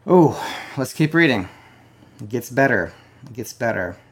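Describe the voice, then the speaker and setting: Man preaching, swinging from soft asides to loud declarations. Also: medium pitch, lively intonation, normal speed, breathy edge. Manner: conversational, addresses a live-stream audience directly. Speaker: pastor. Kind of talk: sermon.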